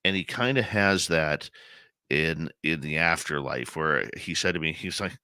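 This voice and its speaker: Hosting a radio show, a man with a very low but strikingly bright, forceful voice shares a personal story with emotion and heart in a conversational interview. He speaks clearly and unhurriedly in a resonant tone, recorded dry and close with no echo.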